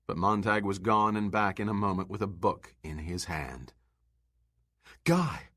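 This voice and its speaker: A man, a teacher, reading a novel aloud to his class in an expressive storytelling manner. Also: sits low, moderate pace.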